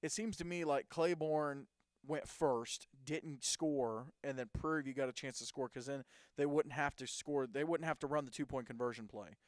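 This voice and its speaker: A man's voice: medium pitch, moderate pace, dry recording, studio quality. A man hosting a casual sports talk show, rambling through game recaps and reading off stats. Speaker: host.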